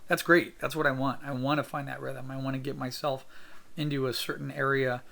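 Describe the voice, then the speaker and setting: A man's voice: mid-range voice, level tone, fairly quick, gravelly, bright, forceful tone. A man talking through his sketching as an art teacher, upbeat and encouraging, thinking aloud with plenty of fillers. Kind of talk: casual drawing tutorial narration.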